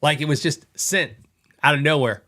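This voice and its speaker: A middle-aged man hosting a podcast, telling a story in a chatty, animated way and acting out quoted dialogue. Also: fairly high pitch, moderate pace. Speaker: podcast host. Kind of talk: casual storytelling monologue.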